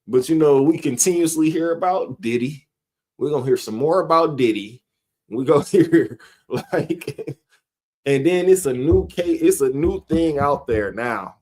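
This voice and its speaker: A man's voice: mid-range voice, darkish tone. A middle-aged man hosting a live stream, talking casually in a rambling way, often chuckling and calling out viewers' names from the chat.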